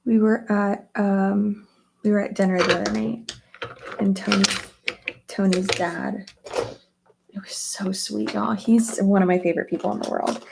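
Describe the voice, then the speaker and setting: A woman's voice: medium pitch, fairly even intonation, unhurried, vocal fry, pauses often, noisy background. A young woman chatting casually while getting ready, rambling with lots of fillers. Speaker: beauty vlogger. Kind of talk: casual get-ready-with-me chat.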